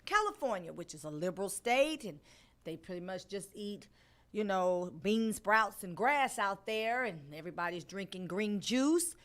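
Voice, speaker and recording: A middle-aged woman hosting her own radio show, talking casually with joking, animated asides. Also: mid-range voice, normal speed. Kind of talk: casual solo commentary.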